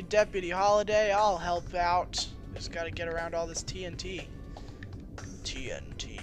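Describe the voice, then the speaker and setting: Rambling joking man playing a game. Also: fairly high pitch. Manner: rambling, self-deprecating, jokey. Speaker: let's play host. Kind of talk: casual gameplay commentary.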